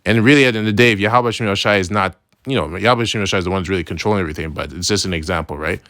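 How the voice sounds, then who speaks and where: A man with a lowish voice gives a relaxed Bible lesson, reading verses and then explaining them in loose, slangy talk. He keeps asking "right?" as he goes, and the recording is dry and close. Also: very fast, no room sound. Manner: slangy, loose phrasing with restarts. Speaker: religious teacher.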